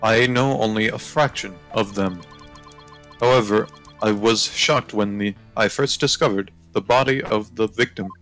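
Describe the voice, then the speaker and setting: A man voicing a stiff male bomb-squad witness, reading in a flat, clipped robotic way. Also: fairly low pitch, a little slow, faint music behind, low-quality recording. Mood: deadpan. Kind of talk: reading a game script aloud.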